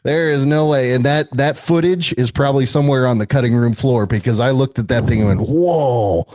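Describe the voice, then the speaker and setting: A man's voice: medium pitch, fast talker, a little mellow, dry recording. A man telling stories as a guest, chatty with many fillers and frequent laughs. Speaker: guest, former film extra. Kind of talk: casual storytelling.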